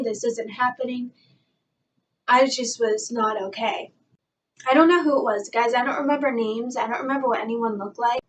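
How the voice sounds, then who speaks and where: A young woman telling an excited fan story in a vlog, gushing and breathless, full of "like" and "guys". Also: on the high side. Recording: voice a bit far from the mic, faint background noise.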